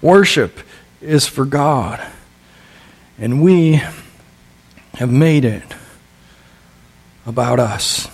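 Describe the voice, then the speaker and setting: A man preaching a sermon in a church, earnest, swinging between passionate emphasis and soft pleading. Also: medium pitch, lively intonation, extremely slow, gravelly, long pauses, breathy edge, in a large hall. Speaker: pastor. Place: church sanctuary.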